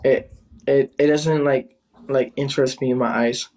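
A man's voice: mid-range voice, little pitch movement, moderate pace, darkish tone. Guy trash talking on a live stream, hyping his viewers, medium voice. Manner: taunting, teasing, calling out to viewers. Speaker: livestreamer in a live battle. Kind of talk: casual livestream banter.

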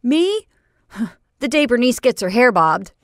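A woman reading a story aloud and voicing a brash, teasing teenage boy with an eager, loud delivery. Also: on the high side, very animated, a little slow, no room sound, studio quality, voice pushed up.

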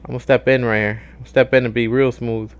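A young man giving casual gameplay commentary as a YouTuber, excitable, swearing and yelling at the game. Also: medium pitch, quick pace. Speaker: gaming YouTuber.

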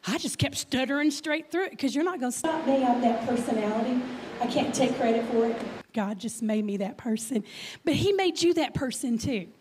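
A woman's voice: high voice, lively intonation, brisk, a little mellow, slight background noise. A woman in her fifties with a Texan accent, giving a chatty guest talk in church, with a slight stutter and lots of questions to the crowd. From Texas. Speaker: guest speaker.

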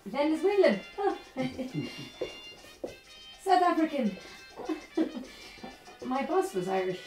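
An actress playing a lively Spanish woman who has moved to Ireland, with a Spanish accent, telling her story in a one-woman theatre monologue with lots of playful laughter. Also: high voice, distant mic, heavily acted. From Spain. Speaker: stage performer. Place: theatre stage. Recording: roomy stage sound from afar, faint music.

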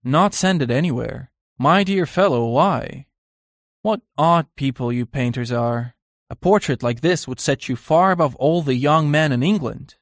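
A man voicing a witty, cynical young aristocrat in an audiobook, talking in a lively and amused way. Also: fairly high pitch, measured pace, dry recording, studio quality.

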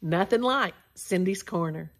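A woman reading a children's picture book aloud in a playful, animated sing-song, with big exclamations. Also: on the low side, a little slow. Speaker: children's storybook reader.

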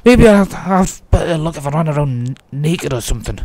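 A man's voice: a little high, expressive, fairly quick, a little mellow, no room sound. A man giving chatty, jokey commentary as he plays a game and talks to himself. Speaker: let's play host. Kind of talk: casual gameplay commentary.

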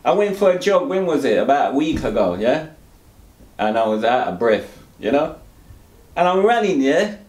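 He's a dialysis patient being interviewed, and his medium-pitched, darkish voice is animated and moderately paced. Candid and rambling, he punctuates lines with "you know" and rueful laughter, with a roomy echo behind him.

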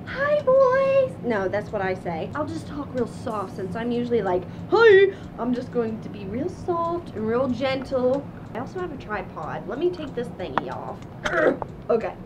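A woman's voice: fairly high pitch, expressive, moderate pace, noisy background. A young woman vlogger chatting casually to camera in a self-mocking way. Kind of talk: casual vlog chat.

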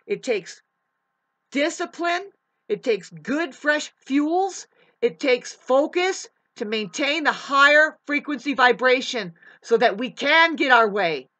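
A woman's voice: high-pitched, pushed and bright. A woman delivering a heated, preachy vlog monologue, swearing often as she lectures her listeners. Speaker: vlogger. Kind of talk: profane ranting monologue.

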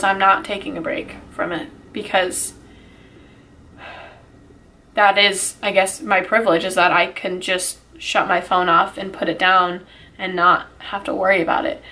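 A woman's voice: medium pitch, sharp tone. A woman talking to her small channel in an emotional vlog, upset and swearing, rambling with sighs and restarts. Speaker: YouTuber.

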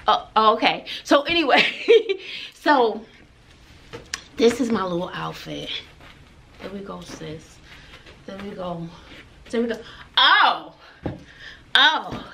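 A woman vlogging in a casual, chatty way, playful and quick to exclaim and laugh. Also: mid-range voice, very animated, vocal fry, noisy background. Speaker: vlogger showing her outfit.

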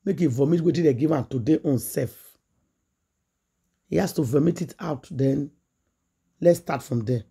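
A woman's voice: low voice, moderate pace, creaky, pauses often, warm tone, slightly rough. A woman with a Nigerian accent, a gossip vlogger retelling a story in Pidgin English and acting out the quoted dialogue in a chatty, dramatic way.

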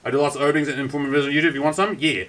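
A man's voice: on the high side, racing. A man with a New Zealand accent chatting casually on a live stream, telling a story with lots of swearing. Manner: animated storytelling, swears often.

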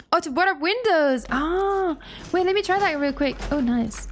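A woman streamer giving first-time gameplay commentary, excitable, laughing and swearing often as she talks to her chat. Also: very high-pitched, normal speed. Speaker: gaming streamer.

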